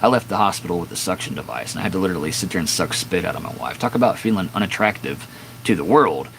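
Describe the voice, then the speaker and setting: In a deep, gravelly, animated voice, a fifties-aged man talks quickly through a long, candid story on a live stream from his home garage, door open as dusk falls. Fillers and restarts pepper his rambling, and the background is noisy.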